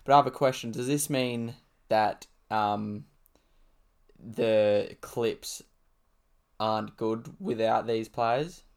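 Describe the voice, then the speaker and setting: A man's voice: lowish voice, takes it slowly, vocal fry, pauses often, smooth. A man with an Australian accent co-hosting a sports podcast, blunt and swearing mildly as he talks. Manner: blunt, says "bloody" a lot. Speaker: podcast co-host. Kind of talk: casual sports podcast chat.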